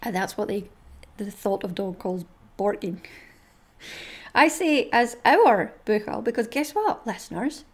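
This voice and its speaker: A woman's voice: medium pitch, very animated, measured pace, pauses often, slightly rough. A woman with a Scottish accent hosting a casual chat podcast, chatty and bubbly, laughing often. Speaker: podcast host.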